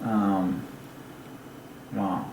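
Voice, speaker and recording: A man hosting his own channel, talking alone in a casual, excited way, musing aloud and laughing to himself, recorded on a lapel mic. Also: low voice, very slow, vocal fry, roomy sound, slight background noise, low-quality recording. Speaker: religious channel host. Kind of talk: solo casual commentary.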